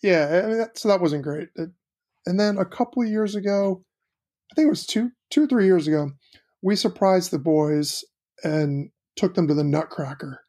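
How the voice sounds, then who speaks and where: A middle-aged man co-hosting a casual chat, telling stories about his kids and quoting them with lively voices. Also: sits high, normal speed. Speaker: podcast co-host.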